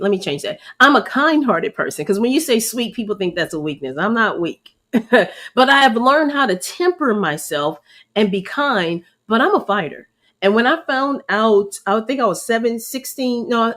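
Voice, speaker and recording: A woman's voice: a little high, a bit bright. A woman leading a ministry, giving a candid, emotional live testimony and preaching, calling her listeners y'all. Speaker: ministry leader.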